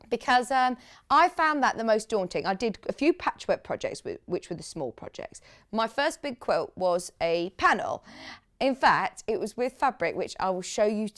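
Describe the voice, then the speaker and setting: A woman from the UK presenting sewing products on a live TV shopping channel, chatting with enthusiasm and gushing over fabrics. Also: fairly high pitch. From United Kingdom. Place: TV studio.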